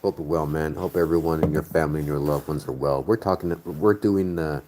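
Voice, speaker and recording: A man's voice: a bass voice, fairly even intonation, a little fast, warm tone, a little hiss or hum. A man from the northern United States hosting a casual live chat, rambling and searching aloud for his words. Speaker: host. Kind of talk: casual live chat reading viewer comments.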